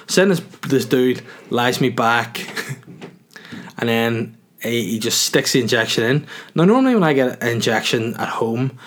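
A man's voice: medium pitch, lively intonation, unhurried, a little hiss or hum. A man hosting a podcast, telling a rambling, self-mocking story with jokey asides. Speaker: podcast host. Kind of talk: casual storytelling monologue.

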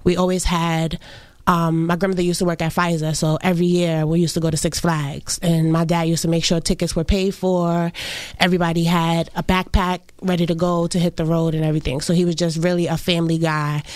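Woman, low smooth voice. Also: flat delivery, darkish tone, no room sound. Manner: halting, many fillers and restarts. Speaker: interviewee. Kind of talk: emotional personal account.

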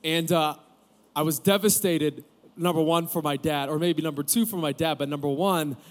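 A man in his forties preaches to his congregation, sharing a personal story candidly and breaking into quick jokes. His speaking voice sits a little on the high side. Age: 40s. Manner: candid storytelling with joking asides. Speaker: pastor. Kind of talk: sermon. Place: camp gathering room with audience.

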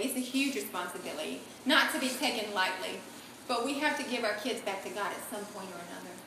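A woman sharing an emotional personal testimony in a halting, soft-spoken way, often repeating her words. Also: fairly high pitch, very echoey, noisy background.

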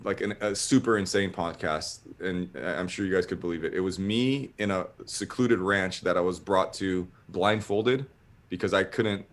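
A man's voice: deep voice, normal speed. A man telling a long casual story, rambling with lots of filler words.

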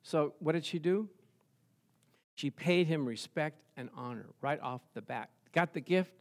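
A man preaching a sermon, telling the story with lively rhetorical questions and chuckles. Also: on the high side, measured pace. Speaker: pastor.

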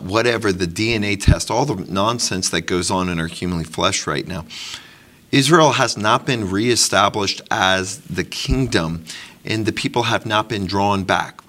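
A man with a low voice leads a congregation discussion in a sermon style. He builds from measured talk into emphatic, pressing exhortation. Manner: emphatic, rising to forceful exhortation. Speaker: congregation teacher.

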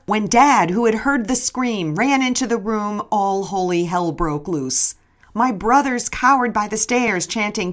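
A woman's voice: medium pitch, expressive, unhurried, fairly bright tone. A middle-aged woman narrating her memoir in a wry, storytelling manner.

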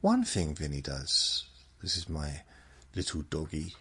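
A man in his seventies hosting a podcast, rambling in a meandering, self-mocking way, with drawn-out phrases. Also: very deep voice, wildly swooping pitch, a bit bright, breathy edge, faint music behind. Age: 70s. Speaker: podcast host. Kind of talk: rambling bedtime monologue.

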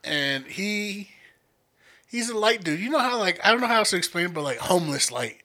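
A young man telling stories in casual, profane chat, acting out the people he quotes with lively voices. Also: high voice, brisk. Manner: animated, profane, acts out quotes in many voices. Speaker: podcast co-host telling stories.

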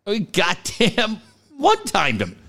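A man from Cardiff spins a story in casual chat. His voice sits high and jumps all over the place, and he swears freely, laughs, and acts out the voices in the story. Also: wildly swooping pitch, takes it slowly, vocal fry, pushed and bright.

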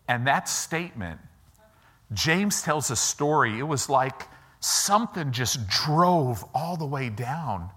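A man preaching in a church, telling a lively story and acting out the voices of its people, with casual asides to his listeners. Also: medium pitch, a little slow, slightly rough. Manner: animated storyteller, acts out quoted voices; informal, asides to the audience. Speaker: pastor. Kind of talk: storytelling sermon.

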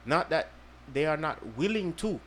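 A podcast host explains things at length in a casual chat, earnestly and repeatedly checking in with "you understand me." His voice is on the high side and expressive, at a normal speed. There's a little hiss or hum in the recording.

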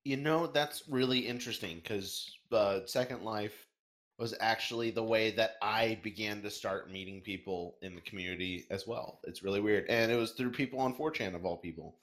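A man's voice: lowish voice, normal speed, a bit bright. A man hosting a podcast, reading out interview questions and joking with his co-hosts. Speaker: podcast host. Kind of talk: casual interview chat.

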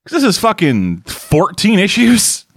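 A man's voice: sits high, huge pitch swings, unhurried, breathy edge, no echo, clean studio sound. A man hosting a comic book podcast, chatting loosely with co-hosts and swearing casually. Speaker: podcast host. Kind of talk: casual chat.

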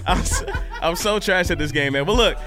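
A man co-hosting a casual podcast, excitable and trash-talking, laughing often during a party game. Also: high voice, fairly quick, music in the background. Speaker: podcast co-host.

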